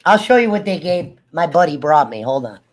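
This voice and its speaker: A man's voice: on the high side, sing-song, fairly quick. A man with a cough chatting casually to viewers, swearing, joking and laughing between fits of coughing. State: coughing, sick. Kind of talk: casual rambling chat to viewers.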